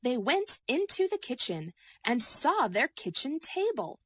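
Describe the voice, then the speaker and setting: Slow, expressive female storyteller. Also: high voice, slightly rough, no room sound. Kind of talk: children's story narration.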